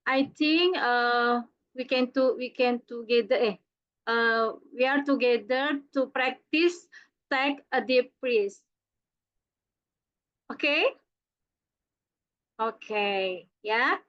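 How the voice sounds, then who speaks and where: Over a video call with dull, lo-fi audio, a student presenter with an Indonesian accent talks slowly in a high voice. Hesitant and full of fillers, she sounds like someone still learning the language.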